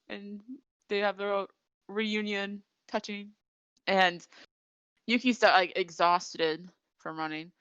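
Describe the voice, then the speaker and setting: A woman's voice: fairly low pitch, fairly bright tone, smooth, dry recording, highs cut off. A woman podcast host in casual chat, recapping an episode in a rambling storytelling way with lots of fillers. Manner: chatty storytelling with many fillers.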